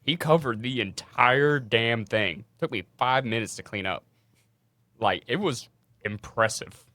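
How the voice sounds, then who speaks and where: A young man co-hosting a podcast, telling work stories in a casual, animated way and swearing freely. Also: mid-range voice, measured pace, dry recording. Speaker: podcast co-host. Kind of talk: casual storytelling chat.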